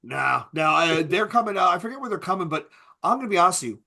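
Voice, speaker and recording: Bright-voiced man hosting a casual podcast. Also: high-pitched, expressive, gravelly. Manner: loose, laughing, swearing, quick asides. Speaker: podcast host. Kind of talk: casual chat.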